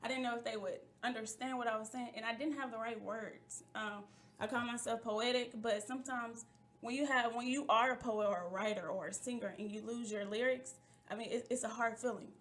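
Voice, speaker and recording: Chatty woman host, higher voice. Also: fairly even intonation, brisk, a bit bright, slight background noise. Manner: chatty and playful, calls listeners "y'all" and "baby". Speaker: talk show host. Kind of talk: casual chat.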